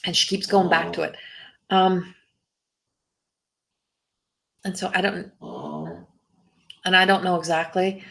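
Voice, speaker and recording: A woman's voice: lowish voice, level tone, moderate pace, gravelly, a bit bright. A woman doing a live psychic reading as a medium, talking in a rambling way, breaking off and restarting her sentences, and laughing often.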